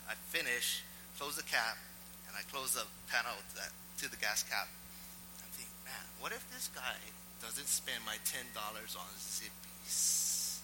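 A male pastor preaching a sermon, telling a personal story in an animated, self-mocking way. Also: a little high, long reverb tail, slight background noise, low-quality recording.

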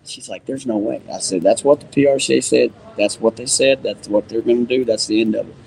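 A man's voice: medium pitch, fairly quick, vocal fry, low-quality recording. A man, a rodeo announcer, telling stories in a casual interview and acting out the dialogue he quotes. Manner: animated storyteller who acts out quoted dialogue. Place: museum.

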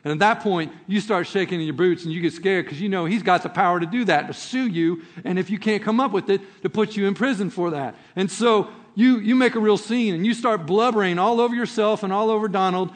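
Male pastor, storytelling sermon voice, high-pitched, hall reverb. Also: fairly quick, few pauses. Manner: storytelling, direct address to listeners.

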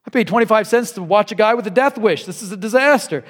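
A man voicing an ordinary male tourist who gets anxious and excitable and exclaims a lot, in a sermon story. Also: high voice, fast talker, voice pushed up. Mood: alarmed.

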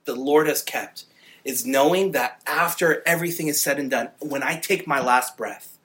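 A male pastor preaching a sermon with earnest passion, growing louder and more fervent on key points. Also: fairly high pitch, moderate pace.

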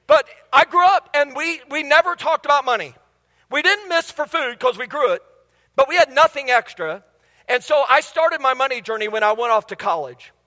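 High-voiced, bright preacher in a reverberant hall. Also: male voice, animated, normal speed. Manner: humorous storytelling, quizzing the congregation. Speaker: pastor. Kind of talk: sermon. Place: church sanctuary. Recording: long reverb of a large hall.

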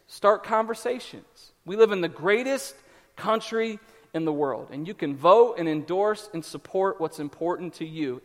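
A man preaching a conversational sermon as a pastor, acting out quick quotes as he goes. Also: high-pitched. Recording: reverberant hall.

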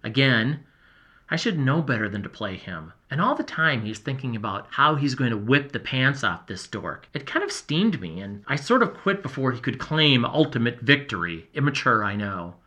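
A man voicing an earnest boy explorer who tells his journal everything, in a lively, emotional, confiding first-person delivery. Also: mid-range voice, normal speed. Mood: excited. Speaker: narrator. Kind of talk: first-person audio storytelling.

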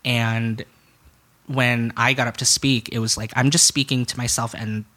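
Frank young man with a bright voice. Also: mid-range voice, level tone, moderate pace. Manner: frank, swears freely, acts out what others said. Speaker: podcast guest. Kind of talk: candid conversational storytelling.

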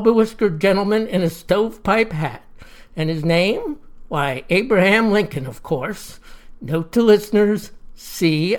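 A storyteller narrating a satirical tale with dry, wry asides. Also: medium pitch.

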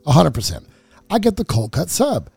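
A man's voice: a little high, huge pitch swings, normal speed, gravelly, a little mellow, husky, no echo. A man co-hosting a casual radio chat show, chatty and emphatic, who repeats himself for effect. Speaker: co-host.

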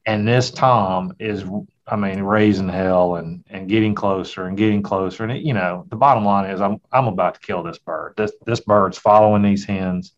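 A man's voice: on the low side, steady tone, normal speed. A middle-aged man, a hunter and father, telling a folksy, reflective story in a casual conversation. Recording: dull, lo-fi sound.

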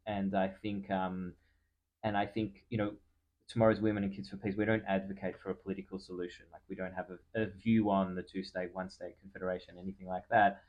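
A man's voice: sits low, flat delivery, fairly quick, a little mellow, highs cut off. A man hosting a podcast who speaks in a thoughtful, reflective way with many "you know" fillers. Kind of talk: casual conversational interview.

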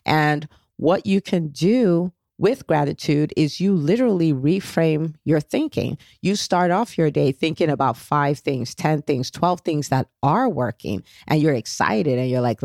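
A woman's voice: deep voice, creaky, a little mellow, no room sound, studio quality. A woman hosting a motivational solo podcast, coaching listeners directly and checking in with frequent "okay?"s, with an encouraging, faith-based tone. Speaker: podcast host.

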